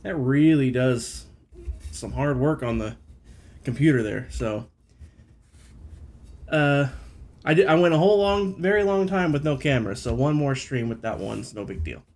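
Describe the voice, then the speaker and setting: A man's voice: mid-range voice, lively intonation, moderate pace, long pauses, darkish tone. Chatty man streaming to his viewers. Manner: chatty, rambling, self-deprecating. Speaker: live streamer. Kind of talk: casual live-stream chat with viewers. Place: at home at his computer.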